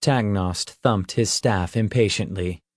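Slow, measured male audiobook narrator. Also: lowish voice, dry recording, studio quality. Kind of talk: scripted narration.

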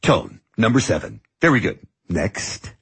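Guy reading a chill teasing music teacher, husky lowish voice, swings up and down a lot. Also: big pitch swings, full character voice. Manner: patient, teasing, measured. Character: calm, wry male music teacher. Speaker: music mentor. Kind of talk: audiobook dialogue.

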